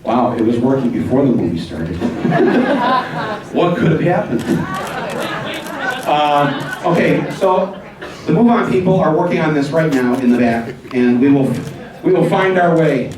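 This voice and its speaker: A man hosting a live town hall, rambling and urging the audience, spelling out web addresses slowly. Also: a little high, very animated, crowd noise. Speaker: event host. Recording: echoey hall from far off.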